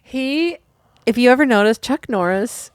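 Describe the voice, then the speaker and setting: A man's voice: very high voice, expressive, measured pace, clean tone, no echo, clean studio sound. A man co-hosting a casual chat about a show, rambling and often restarting his sentences. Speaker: co-host.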